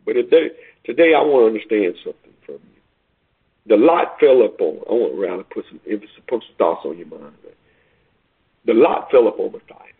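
A man's voice: fairly low pitch, animated, brisk, breathy edge. A man preaching a sermon, repeating himself and building to rising, urgent questions. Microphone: phone call line. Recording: tinny phone line.

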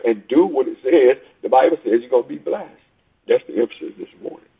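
A man with a very husky, rough voice delivers a rhythmic sermon, reading scripture aloud and pausing to ask rhetorical questions. The sound is thin and phone-like, as if heard on a call into the church service. His pitch sits in a middling range for a man. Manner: reads scripture aloud in old-fashioned wording. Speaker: preacher. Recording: tinny phone line.

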